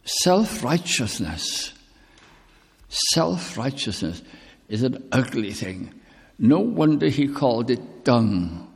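An older man preaching a sermon with personal testimony, speaking slowly and deliberately, drawing out key words. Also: medium pitch, expressive, creaky, warm tone, slightly rough. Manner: slow, deliberate, drawn-out emphasis. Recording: long reverb in a hall.

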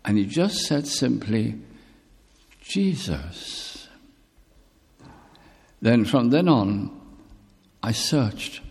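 Older male preacher, unhurried and husky, sermon in a reverberant hall. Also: medium pitch, animated, darkish tone. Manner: slow, deliberate, drawn-out emphasis. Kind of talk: sermon with personal testimony.

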